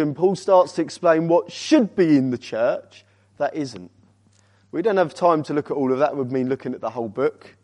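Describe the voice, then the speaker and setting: A man with a fairly high-pitched voice preaches as a visiting speaker. He presses the congregation with rhetorical questions, moving back and forth between loud emphasis and quiet, weighty words.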